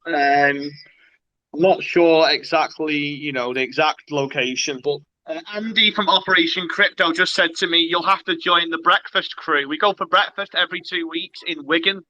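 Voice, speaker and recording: A man from Cheshire with a northern English accent hosts a relaxed online chat, calling his guest "bro". His voice sits high and sounds very sharp and bright. The audio is dull and lo-fi. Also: moderate pace. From Cheshire, England. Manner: laid-back, matey, calls guest bro. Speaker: host. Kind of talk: casual online interview chat.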